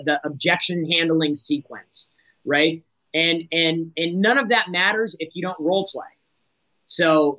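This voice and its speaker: Guy on a sales podcast, direct coaching tone, kinda high voice, dull lo-fi sound. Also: sharp tone, no echo. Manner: direct, coaching tone with frequent restarts. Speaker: sales executive guest. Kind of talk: podcast interview answers.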